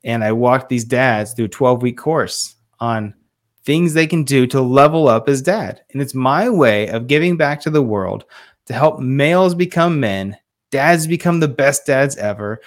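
A man in his forties talks earnestly as a podcast guest, a fatherhood coach retelling a moving story. His voice sits at an ordinary middle pitch and he gets audibly emotional, slipping into the voices of the people he quotes. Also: moderate pace. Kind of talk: casual interview storytelling.

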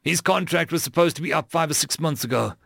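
A man voicing a sober male Marine who explains things in a measured way. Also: fairly high pitch, gravelly, fairly bright tone, no room sound, studio quality, pitched above the performer's own voice. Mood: somber.

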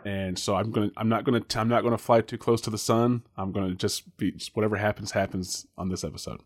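Chatty low-voiced man hosting a podcast. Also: fairly even intonation, fast talker. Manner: chatty, rambling with many fillers and restarts, laughs often. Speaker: podcast co-host guessing films. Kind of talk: casual podcast chat.

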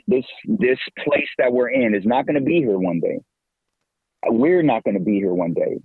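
Middle-aged male evangelist guest, slangy and animated; husky, dry and tinny like a phone. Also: dry recording. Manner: animated, slangy, pitch leaps when excited. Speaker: podcast guest, evangelist and campus minister. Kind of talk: casual faith talk.

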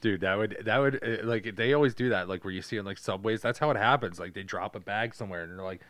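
A man's voice: fast, fairly bright tone, no room sound. Crude joking man, dry close sound. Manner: crude, joking, acts out movie lines in shrill voices. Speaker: podcast co-host. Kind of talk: casual chat.

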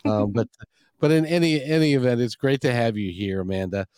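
A man's voice: mid-range voice, brisk, darkish tone, smooth, dry recording, studio quality. A man hosting a radio talk show, enthusiastic and chatty, rambling a little as he talks. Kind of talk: upbeat radio interview.

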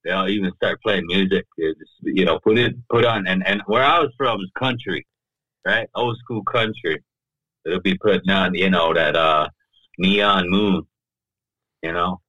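As a podcast guest, a man with a low voice tells a personal story in a bright, forward-pushing tone, speaking unhurriedly and loosely with frequent "you know" and "right?". The studio recording is dry, close, echo-free, and lo-fi.

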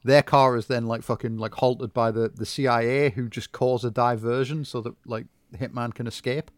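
A man, recapping a film in a sardonic, sweary way. His voice sits mid-pitch and the sound is dry and close, with no room around it. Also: steady tone, moderate pace, no echo. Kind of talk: casual film review chat.

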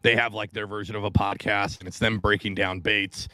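A man's voice: fairly low pitch, little pitch movement, brisk, pushed and bright, no echo. A man co-hosting a casual fishing podcast, talking bluntly with plenty of swearing and jokes. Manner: blunt, profane, joking.

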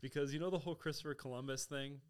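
Male podcast host, smooth clear voice, rambling and curious. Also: mid-range voice, steady tone, very fast. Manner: laughs often, muses aloud, talks in fragments. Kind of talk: casual chat.

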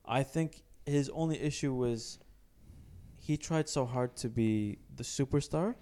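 A man's voice: medium pitch, measured pace, warm tone. A man in casual, bantering sports chat on a podcast, laughing often and putting on mock voices. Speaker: podcast co-host.

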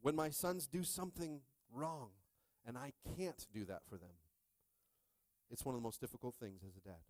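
A middle-aged man preaching a sermon with lively energy, often checking in with the congregation. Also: mid-range voice, normal speed, dry recording. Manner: energetic, repeatedly asking "are you with me?". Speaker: pastor.

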